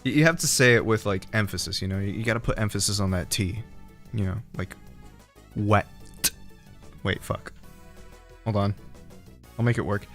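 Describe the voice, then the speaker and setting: A man's voice: fairly low pitch, fairly quick, long pauses, a bit bright. A man streaming, chatting casually in a joking, rambling way, often laughing at his own jokes. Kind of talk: casual chat. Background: faint background music.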